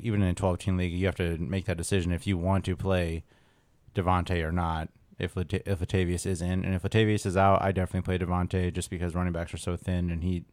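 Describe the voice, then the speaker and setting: A man's voice: low-pitched, no echo. A man co-hosting a fantasy football podcast, chatting in a loose, rambling way. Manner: loose and rambling, full of fillers and restarts. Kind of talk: casual podcast chat.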